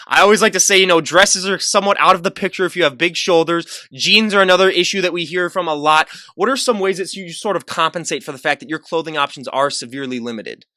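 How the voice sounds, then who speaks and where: Fast-talking bright young male podcast host. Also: fairly high pitch, no echo, clean studio sound. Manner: chatty, rambling, laughs often. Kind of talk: casual interview chat.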